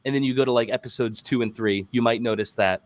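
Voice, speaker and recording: A man voice actor chatting casually on a stream, animated and rambling, often repeating himself. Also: medium pitch, fast talker. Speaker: voice actor guest.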